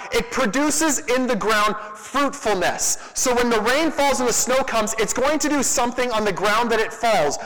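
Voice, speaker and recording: A young male youth pastor preaching with lively, chatty energy and quick asides. His voice sits high for a man. The sound carries a long reverb from a big hall. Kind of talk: youth sermon.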